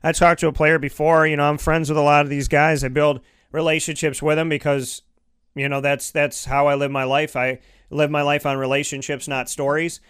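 Male sports talk host, higher-set and smooth, dry studio mic, rambling and animated. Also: a little fast, no echo. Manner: animated, rambling, with frequent restarts and "you know". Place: home studio. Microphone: studio microphone.

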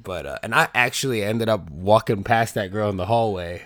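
Loud, swearing young man podcaster. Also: lowish voice, normal speed, dry recording, studio quality. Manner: loose, swears a lot, rambling with many restarts; loud, can't whisper. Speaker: podcast host. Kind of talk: casual chat.

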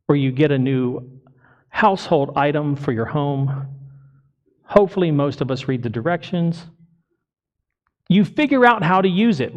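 A man's voice: on the high side, darkish tone, muffled recording. A male pastor delivering a sermon to his congregation, emphatic and full of rhetorical questions. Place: church congregation.

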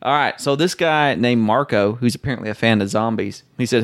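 A man's voice: mid-range voice, a little fast. Man reading listener emails aloud. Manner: reads emails aloud, jokey, interrupted banter. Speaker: podcast co-host. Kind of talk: casual chat reading listener mail.

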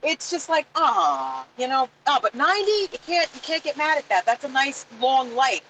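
A woman co-hosting a casual chat, warm and chatty, laughing easily and searching for words. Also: sits high, sing-song, normal speed, a little hiss or hum, rough recording. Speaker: co-host.

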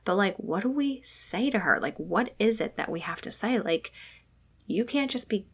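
A woman in her thirties chatting casually about her toddler, with lots of filler words and lively quoting. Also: medium pitch, moderate pace, husky. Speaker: parent of a toddler. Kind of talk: casual chat.

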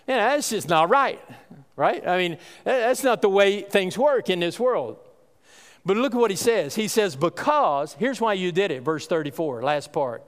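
A man's voice: high voice, expressive, normal speed, clean tone. A man preaching a sermon as pastor, folksy and emphatic, his voice rising on key points. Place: church sanctuary. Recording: reverberant church hall.

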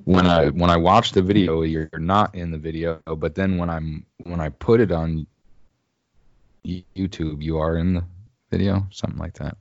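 A young man with a low voice chats loosely on a podcast, swearing freely and laughing between thoughts. His voice comes through a dull, slightly lo-fi recording with a dry sound. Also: steady tone, moderate pace, no room sound. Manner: loose, profane, laughs often. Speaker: podcast co-host. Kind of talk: casual chat.

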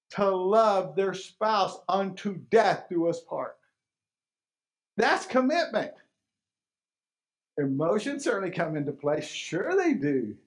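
A pastor delivers his sermon in a notably high, bright-pitched man's voice. He drives his points home by repeating phrases and firing off rhetorical questions at the congregation. The delivery stays emphatic and earnest throughout.

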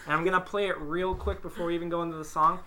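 A woman's voice: fairly low pitch, steady tone, racing, bright, forceful tone, slight background noise. Giggly young woman hosting a podcast. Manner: giggly, storytelling with quoted voices. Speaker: podcast host. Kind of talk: casual podcast banter.

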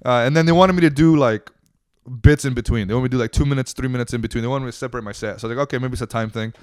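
A man, a stand-up comedian, telling a story in casual podcast chat. He is animated and swears freely, acting out the dialogue of the people in his story. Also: medium pitch, racing, smooth, no echo, studio quality.

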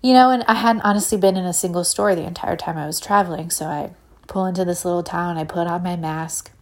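A woman's voice: on the low side, fast. A woman hosting her own podcast, telling a story in a rambling, casual way, full of "like" and acted-out quotes. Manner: rambling, many "like" fillers; animated retelling with acted-out quotes. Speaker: podcast host.

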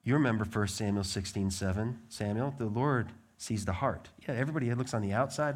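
Preaching as pastor, a middle-aged man swings between forceful, loud proclamations and soft, chatty asides. He has a lowish voice and speaks fairly quickly.

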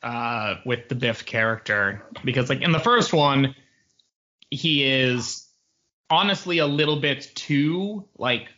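A man co-hosting a podcast chats casually in a relaxed, rambling way with plenty of fillers. His voice is medium-pitched and slow, and the audio is dull.

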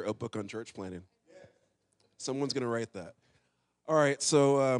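A man's voice: fairly low pitch, darkish tone. A man earnestly telling a personal story in casual talk, reflective and open.

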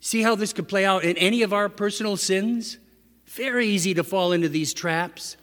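In a high-pitched, slightly bright voice at a moderate pace, a man gives a conversational sermon and puts rhetorical questions to his listeners. The sound carries echoey hall reverb.

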